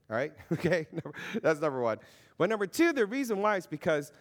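Thirties male Christian speaker, casual and animated, swings pitch widely, lots of fillers. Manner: animated, conversational, with many fillers and acted-out quotes. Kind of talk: informal faith talk.

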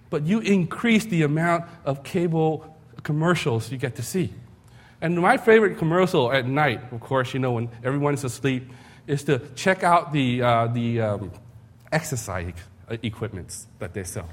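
Male pastor, slightly higher voice, relaxed storytelling sermon, rhetorical questions, self-mocking humor. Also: moderate pace.

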